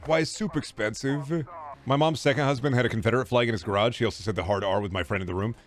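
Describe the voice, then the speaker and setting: A man's voice: on the low side, fairly even intonation, very fast, faint music behind. A young man from Texas, ranting sarcastically and profanely during a casual stream chat.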